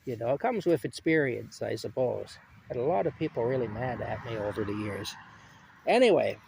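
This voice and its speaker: A man's voice: medium pitch, lively intonation, normal speed, vocal fry, a little mellow, slight background noise. A man telling a casual work anecdote outdoors in a rambling way, with frequent fillers, repeating himself as he goes. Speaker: storyteller. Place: outdoors while picking strawberries.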